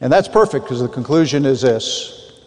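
A man's voice: medium pitch, animated, normal speed, a little mellow. A man preaching a sermon earnestly, reading old scripture aloud with frequent restarts. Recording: long hall reverb.

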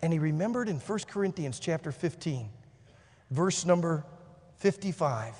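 A man preaching a sermon, telling a story and swinging between hushed and shouted delivery. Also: a little high, expressive, normal speed, husky. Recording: long hall reverb.

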